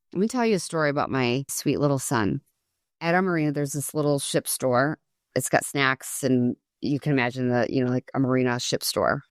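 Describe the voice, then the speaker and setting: A middle-aged woman hosting a podcast, telling a family story earnestly and acting out quoted lines with a higher voice. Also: dry recording, studio quality. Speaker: podcast host. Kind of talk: solo podcast talk with storytelling.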